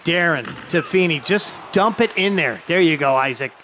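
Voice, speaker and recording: A man giving excited play-by-play of a hockey video game he is playing, openly rooting for his team. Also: on the high side, moderate pace, a little hiss or hum.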